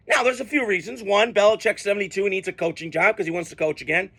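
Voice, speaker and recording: A man's voice: high voice, animated, a little fast, vocal fry, sharp tone. A man ranting through a football reaction video in a blunt, profane, worked-up way, swearing freely at his team and its coach. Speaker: sports fan vlogger. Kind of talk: profane sports reaction rant.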